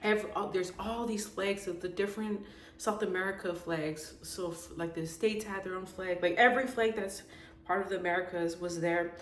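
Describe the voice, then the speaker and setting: A woman's voice: medium pitch, steady tone, moderate pace. A young woman vlogger giving a casual, heartfelt, rambling review with lots of fillers. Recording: echoey room with faint background noise.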